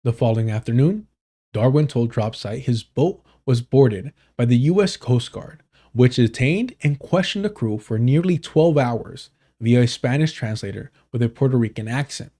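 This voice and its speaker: A man's voice: mid-range voice, animated, normal speed, dark tone. A man streaming live, reading an article aloud and commenting casually, swearing and stumbling over names.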